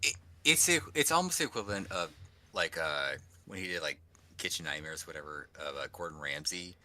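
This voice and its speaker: A man's voice: low-pitched, expressive, brisk, pushed and bright. A man co-hosting a casual podcast, rambling with restarts and acting out quoted people. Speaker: podcast co-host. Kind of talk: casual chat.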